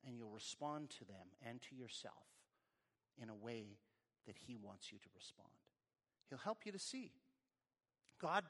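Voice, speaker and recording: A man preaching a sermon as pastor, with rising emphasis and a quiet prayer. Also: mid-range voice, lively intonation, normal speed. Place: church service, also streamed online.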